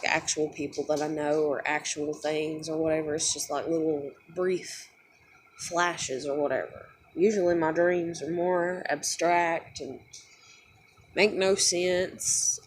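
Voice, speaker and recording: A woman's voice: deep voice, darkish tone, slight background noise. A young woman who just woke up, tired and close to tears, rambling in an upset, swearing vlog rant full of fillers. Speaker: vlogger.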